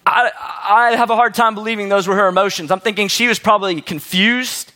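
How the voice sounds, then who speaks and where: A man's voice: sits high, fast talker, pushed and bright. A man preaching a sermon in a conversational way, asking the listeners rhetorical questions. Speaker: pastor.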